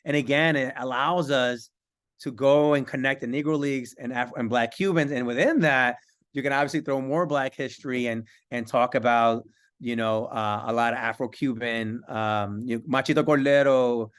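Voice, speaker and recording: Man, mid-pitched, smooth and resonant, eager panel speaker who piles on examples. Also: steady tone, moderate pace, a bit bright. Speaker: curriculum panelist. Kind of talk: panel discussion.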